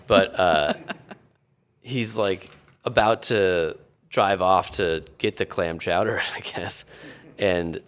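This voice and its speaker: A man's voice: sits low, slow, fairly bright tone. A man co-hosting a podcast, talking casually and thoughtfully, trailing off mid-sentence with dry asides. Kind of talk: casual movie chat.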